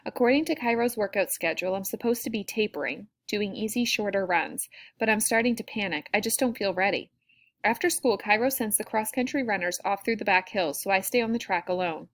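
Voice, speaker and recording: A woman reading a first-person audiobook in a soft, reflective way. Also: medium pitch, a little fast. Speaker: audiobook narrator.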